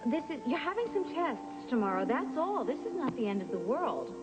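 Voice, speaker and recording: Fierce grown daughter, high voice, insistent, long reverb, soap opera. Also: female voice, very animated, moderate pace, loud music behind the voice. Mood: dismissive. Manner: insistent, emphatic. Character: strong-willed grown daughter, fiercely protective. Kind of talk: daytime soap opera acting.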